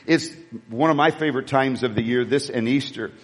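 A man preaching a sermon as pastor, rousing the congregation to shout and praise. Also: medium pitch, a little fast. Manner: rousing, calls the crowd to shout. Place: church sanctuary. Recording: long hall reverb with soft music.

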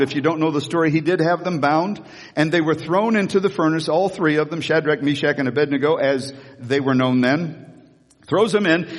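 A man pastor preaching an animated sermon, retelling a story with asides, repeating key lines for emphasis. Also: fairly high pitch, long reverb tail. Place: church sanctuary.

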